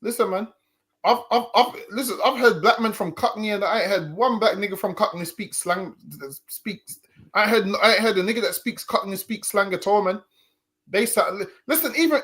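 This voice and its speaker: A man's voice: sits high, a bit bright. A man co-hosting a reaction commentary, arguing his point with restarts and stammers. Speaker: co-host.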